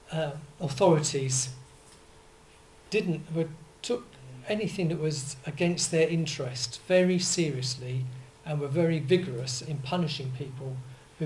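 The sermon comes from an older preacher who speaks easily and conversationally at a middle pitch with a darkish tone. His talk strays into tangents, restarts and minor corrections, captured on a low-quality recording with faint background noise.

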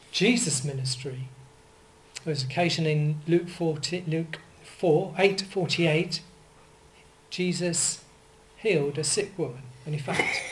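An older preacher delivers a sermon in an easy, conversational way. The voice sits at a middle pitch. The talk wanders into asides, restarts and little corrections, with faint noise in the background. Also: poor audio.

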